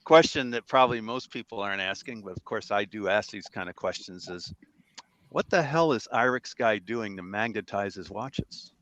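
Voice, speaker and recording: A man's voice: lowish voice, moderate pace, a bit bright, low-quality recording. A man bantering as a guest on a livestream, asking jokey questions and teasing the others. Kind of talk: casual banter.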